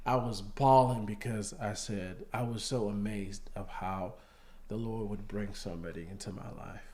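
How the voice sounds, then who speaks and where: A man's voice: fairly low pitch, steady tone, moderate pace. A man telling how he met his wife, earnest, and holding back tears as he speaks. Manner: earnest, softens to near-tearful quietness. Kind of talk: casual storytelling.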